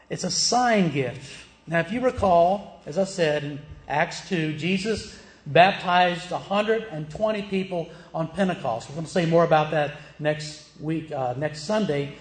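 A man's voice: high-pitched, reverberant. A man from the American South with a Southern accent, preaching a sermon in a plain, emphatic teaching manner, asking the listeners questions. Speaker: pastor.

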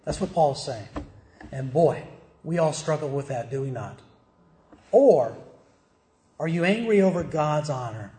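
A man's voice: a little high, animated, a little slow, pauses often, dark tone. A middle-aged male pastor preaching a sermon, emphatic, firing rhetorical questions and answering them himself. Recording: echoey church room.

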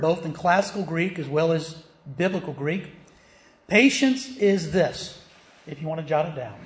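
A man's voice: on the high side, roomy sound. A male pastor preaching a sermon, teaching earnestly and building emphasis through repetition.

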